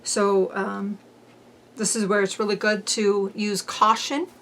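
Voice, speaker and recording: A woman's voice: mid-range voice, flat delivery, fairly bright tone, slight background noise. A woman hosting a casual home sewing vlog, chatting cheerfully with lots of "um" fillers and joking about her own mistakes. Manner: chatty, unhurried, frequent "um" fillers. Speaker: quilting channel host.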